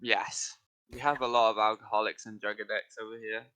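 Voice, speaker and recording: A man from Wales, a guest streamer telling candid, animated stories in casual chat. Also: lowish voice, brisk, low-quality recording.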